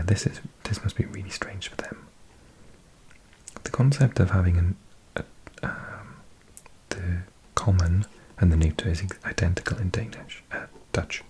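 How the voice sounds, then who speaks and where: A man's voice: low-pitched, darkish tone. A man hosting his channel in a whispered ASMR style, musing to himself and repeating practice words aloud. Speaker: channel host.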